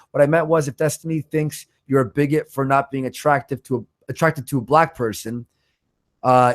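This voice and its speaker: A man hosting a livestream, reading out donations in blunt, swear-heavy casual chat, with a stutter and a voice roughened by smoking. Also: medium pitch. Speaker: livestream host.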